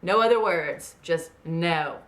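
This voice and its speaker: A woman recapping a TV show in casual chat, animated and rambling, swearing a lot. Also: fairly low pitch, takes it slowly.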